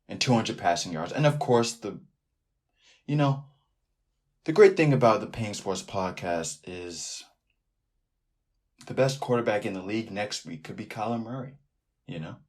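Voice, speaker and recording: A man hosting a sports podcast alone, talking in a loose, animated way that keeps drifting off into tangents. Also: lowish voice, a little slow, long pauses. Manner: rambling, animated, riffs off on tangents. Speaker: podcast host. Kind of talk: casual sports podcast monologue.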